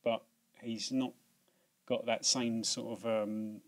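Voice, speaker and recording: A man's voice: lowish voice, level tone, slow. A British man hosting a video in casual chat, rambling with many restarts and fillers and laughing at himself. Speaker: video host.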